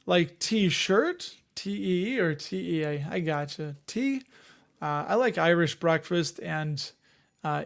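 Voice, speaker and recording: A man's voice: a little high, creaky. A man hosting an investing live stream, chatting casually and rambling as he answers viewers' comments. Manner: rambling, conversational, reads chat comments aloud.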